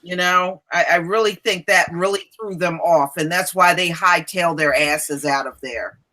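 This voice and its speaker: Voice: mid-range voice, normal speed, bright, forceful tone, rough recording. A chatty host of a casual online discussion who laughs easily and passes the turn to the guests.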